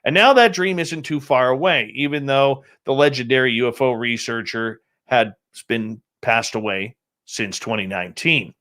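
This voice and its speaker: A man's voice: mid-range voice, fairly bright tone. Man reading news on a radio show. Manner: casual newsreading with small slips and self-corrections. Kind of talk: reading news stories aloud on air.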